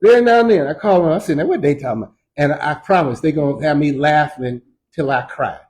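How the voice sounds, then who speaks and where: A man teaching Sunday school as pastor, in a lively, folksy preaching style full of slang and repetition, in a church. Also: fairly high pitch, fast talker, low-quality recording.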